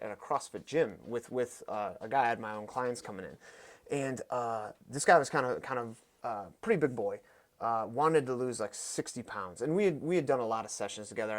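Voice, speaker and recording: A young adult man, a fitness coach, telling stories in casual podcast talk, getting animated and loud as he gets excited. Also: mid-range voice. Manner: animated, voice rises sharply when excited. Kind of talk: casual storytelling.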